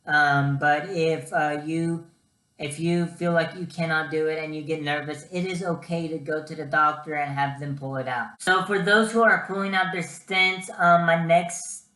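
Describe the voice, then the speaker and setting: A man's voice: fairly high pitch, moderate pace, roomy sound. A young man giving casual vlog advice, chatty and full of ums and uhs. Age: young adult. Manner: chatty, lots of ums and uhs, animated storytelling. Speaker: student vlogger.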